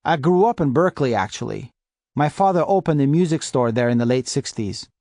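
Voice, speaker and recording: A man's voice: mid-range voice, expressive, fairly quick, dark tone, dry recording, clean studio sound, close to an everyday voice. A man doing an affable, apologetic lawyer. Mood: chatty. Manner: laughing, apologetic, chatty. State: wheezing a little, sweating. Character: chubby, affable, apologetic middle-aged male lawyer. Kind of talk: audiobook character voice.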